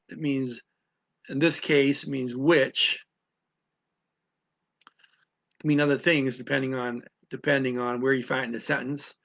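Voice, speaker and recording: A man teaching word by word in a casual lesson, halting and repeating sounds aloud with many fillers. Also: fairly high pitch, sharp tone. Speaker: language teacher.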